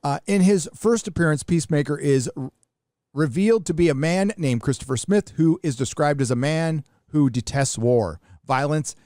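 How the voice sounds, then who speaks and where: A man's voice: on the high side, normal speed, dark tone, dry recording, clean studio sound. Blunt, rambling middle-aged American man. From United States. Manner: blunt, profane, rambling with restarts. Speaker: live show host. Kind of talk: casual livestream commentary.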